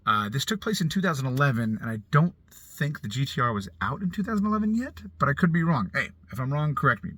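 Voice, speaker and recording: A man's voice: medium pitch, sing-song, fast, hardly any pauses, a bit bright, no echo. A middle-aged man giving a chatty, rambling movie review, correcting himself as he goes. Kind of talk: casual movie review vlog. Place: outside a movie theater.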